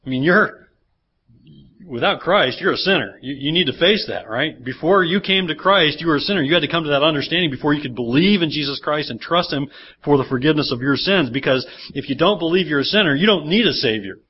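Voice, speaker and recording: A man's voice: a little high, animated, quick pace, slightly rough. A male pastor preaching a sermon, often putting rhetorical questions to the congregation. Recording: dull lo-fi church sermon recording.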